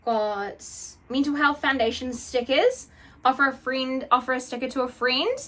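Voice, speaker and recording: A woman's voice: high voice, moderate pace, pushed and bright. A young woman from New Zealand, gushing and emotional as she chats through an unboxing vlog and swears casually. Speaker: vlogger.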